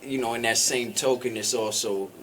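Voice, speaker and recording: A man's voice: mid-range voice, steady tone, noisy background. A man on a radio talk show, speaking reflectively with slang like "you feel me". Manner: reflective, slang-laced, measured. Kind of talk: casual radio chat.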